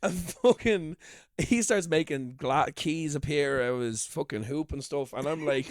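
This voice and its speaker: An Irish man co-hosting a podcast, telling comedy stories in a casual, animated way, swearing and laughing as he goes. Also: fairly high pitch, moderate pace, dry recording, studio quality. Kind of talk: casual storytelling chat. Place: shed.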